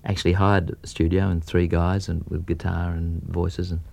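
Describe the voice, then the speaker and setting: A low, gravelly Australian man spins a story in a radio interview and slips into impressions of the people he quotes. His telling is lively and animated throughout. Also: normal speed. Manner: lively storyteller mimicking other voices. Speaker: interviewed recording artist. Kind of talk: archive radio interview anecdote.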